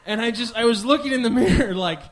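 A man's voice: very high-pitched, fast talker. A man in his twenties from the American Midwest, hosting a podcast with a rambling, profane, self-mocking comedic monologue. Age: 20s. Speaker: podcast host.

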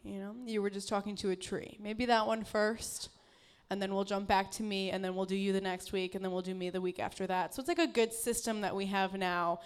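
A woman's voice: mid-range voice, steady tone, a little fast, clear, resonant tone. A woman doing a stand-up comedy set on a club stage, often laughing at her own jokes.

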